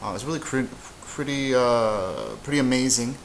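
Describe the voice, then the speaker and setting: A man teaching a casual whiteboard lesson, relaxed and halting, with frequent fillers and restarts. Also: mid-range voice, slight background noise, poor audio. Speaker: Spanish teacher.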